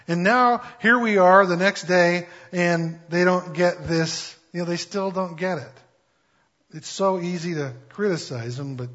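A man's voice: fairly high pitch, a bit bright, breathy edge. A man preaching a conversational Bible-teaching sermon in a casual, humorous way, with lots of fillers. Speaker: pastor. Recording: dull lo-fi recording.

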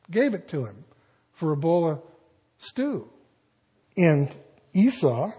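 Man, preacher, sermon, husky, a bit high-pitched, folksy asides. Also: mellow. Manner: conversational, folksy asides while reading scripture.

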